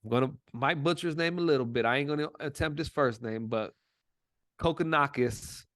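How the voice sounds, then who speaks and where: A man hosting a sports podcast, talking in a relaxed, slangy and jokey way. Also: medium pitch, fairly quick, dry recording, clean studio sound. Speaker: podcast host. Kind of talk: casual sports chat.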